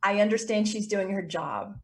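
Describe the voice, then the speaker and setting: A woman's voice: mid-range voice, fairly quick. A woman business coach as an interview guest, talking casually and animatedly and acting out little voices and reactions.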